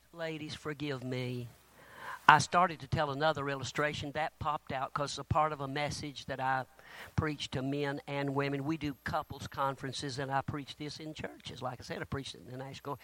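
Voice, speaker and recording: Forceful, bright-voiced male preacher. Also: mid-range voice, normal speed, dry recording. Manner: animated storyteller with sudden loud bursts. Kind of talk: sermon storytelling.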